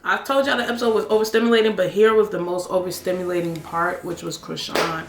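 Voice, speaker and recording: A woman's voice: on the low side, fairly even intonation, fast talker, roomy sound, slight background noise. A young woman hosting a reaction show, recapping reality TV in casual, blunt, heavily slangy talk full of swearing.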